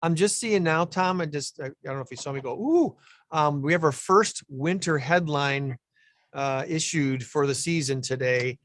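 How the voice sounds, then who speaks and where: A man's voice: a little high, moderate pace, a bit bright, no room sound. A man co-hosting a local radio show, chatting casually and rambling with plenty of fillers and restarts. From Illinois, USA.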